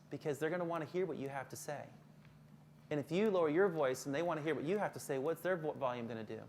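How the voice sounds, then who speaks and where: Male counselor running a teacher workshop in front of a room; lively and engaging, lowers to a soft calm voice for examples. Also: quick pace, slight background noise. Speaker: school counselor presenting to teachers. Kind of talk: live workshop talk.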